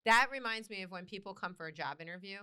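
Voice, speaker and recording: A woman's voice: mid-range voice, fast, sharp tone, clear, resonant tone. A woman co-hosting a casual talk show, blunt and matter-of-fact, now and then swearing. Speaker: co-host. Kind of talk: casual chat.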